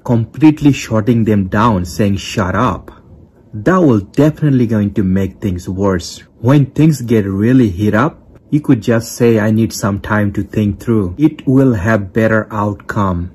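Calm, husky man giving relationship advice. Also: on the low side. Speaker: relationship advice video host. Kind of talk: scripted advice talk to camera.

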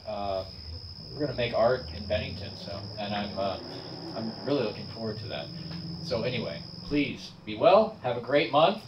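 Earnest man hosting a storytelling night. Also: mid-range voice. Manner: hesitant, full of ums and restarts, earnest. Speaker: host. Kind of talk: closing remarks at a live event. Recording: echoey bar room, distant dull mic, noisy.

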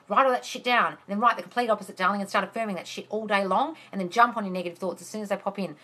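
A woman's voice: on the high side, quick pace, pushed and bright. A woman coaching on a live stream, answering viewers' comments bluntly, swearing freely and calling them darling. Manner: blunt and profane, exasperated rants. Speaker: manifestation coach.

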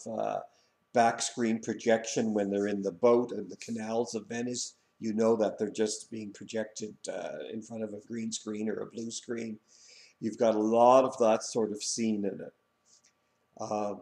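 A man's voice: lowish voice, darkish tone, echoey room. A man from Canada who hosts a video channel, reviewing a book and its film in a rambling casual way, with many fillers and restarts.

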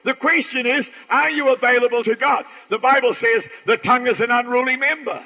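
A man's voice: very high voice, a little fast. A man preaching a sermon with an emphatic, repetitive cadence. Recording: muffled sermon recording in a reverberant hall.

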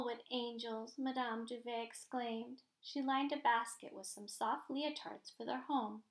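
A woman reading a children's picture book aloud, in a gentle, expressive storytelling manner. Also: on the high side. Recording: roomy echo.

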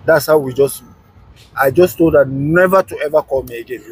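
A man being interviewed, telling a personal story in a casual, animated way with frequent restarts. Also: on the high side, normal speed, husky, low-quality recording.

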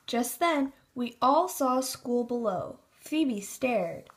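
A woman narrating a children's storybook in a steady, expressive reading. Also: on the high side, takes it slowly.

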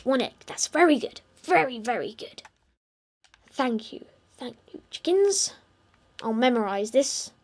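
Slow, playful woman gamer. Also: a little high, animated. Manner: playful, talks to her game animals in a teasing singsong. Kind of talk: casual gameplay commentary.

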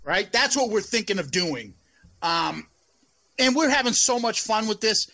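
A man's voice: sits high, sing-song, measured pace, sharp tone. A man co-hosting a casual podcast chat, swearing freely and laughing often. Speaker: podcast co-host.

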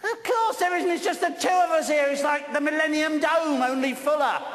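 Brash English man shouting in a theatre. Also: extremely high pitch, normal speed. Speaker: stage comedian. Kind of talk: live stage comedy performance. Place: large theatre stage. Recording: echoey live theatre recording.

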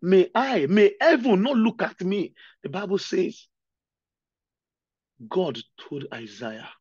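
Male preacher, emotional sermon, husky voice, lively swinging pitch, dull lo-fi recording. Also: takes it slowly, dry recording. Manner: impassioned, repeats phrases and cries out. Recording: dull, dry lo-fi sound.

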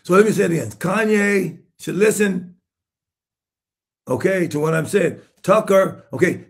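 A man in his seventies, a bishop preaching with emphatic rhetorical questions, swinging between hushed asides and shouted points. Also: a little high, creaky. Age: 70s. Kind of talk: sermon-style commentary.

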